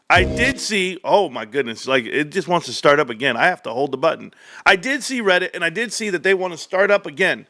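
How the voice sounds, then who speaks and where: A middle-aged man hosting a casual livestream, energetic and animated, laughing often. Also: a little high, brisk, faint music behind. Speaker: livestream host.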